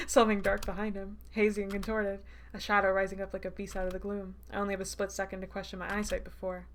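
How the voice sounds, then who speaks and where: A woman's voice: mid-range voice, fast. A woman streamer reading a visual novel aloud, breaking in with wry, laughing asides. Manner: wry asides, laughing reactions, expressive narration.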